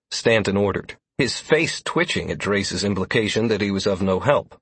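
A man narrating a first-person fantasy story in an expressive way, with defiant dialogue. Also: low-pitched, normal speed, few pauses, husky, dry recording. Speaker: audiobook narrator.

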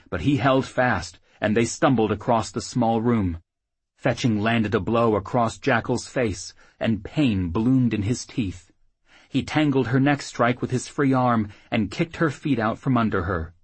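A man reading an audiobook in an expressive, steady storytelling manner, close on the mic. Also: lowish voice, breathy edge, dry recording. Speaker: audiobook narrator. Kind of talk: scripted narration.

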